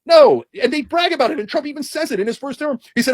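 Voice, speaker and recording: Male political commentator, heated and sarcastic, high-pitched and quick, dry close sound. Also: no echo. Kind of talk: casual political commentary rant.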